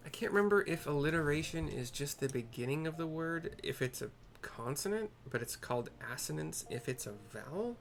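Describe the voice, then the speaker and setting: A man's voice: on the high side, animated, fairly quick, creaky, hardly any pauses, a bit bright, a little hiss or hum. A man narrating a video game casually, chatting and correcting himself as he goes. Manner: chatty, self-correcting asides.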